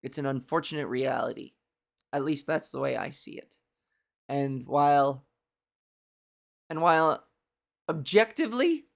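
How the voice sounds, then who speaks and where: A woman's voice: low voice, creaky. A young woman with a scratchy, cartoony voice hosts a comedy stream in a rambling, profane, self-deprecating way. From Canada. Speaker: comedy show host. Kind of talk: casual live-stream monologue.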